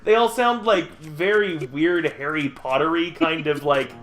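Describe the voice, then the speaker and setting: A man from the United States chatting casually while streaming a game, laughing often and swinging between loud bursts and quiet asides. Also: a little high, unhurried, faint music behind. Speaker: streamer host. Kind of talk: casual chat while gaming. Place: indoors at home.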